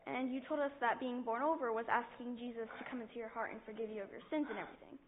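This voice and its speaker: Woman playing an excitable twelve-year-old boy. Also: on the high side, slight background noise, close to an everyday voice. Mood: shy. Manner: excitable, fast-blurting kid voice. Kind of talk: church cantata drama. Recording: tinny lo-fi recording.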